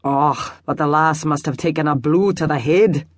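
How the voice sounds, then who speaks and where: A woman voicing a gruff older Scottish village man with a gravelly, thick brogue. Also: sits low, moderate pace, no echo, studio quality.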